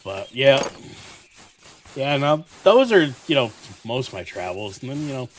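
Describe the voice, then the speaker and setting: Rambling, swearing gaming host. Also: male voice, mid-range voice, big pitch swings, a little slow. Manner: rambling, profane, heavy use of fillers. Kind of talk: casual storytelling while playing.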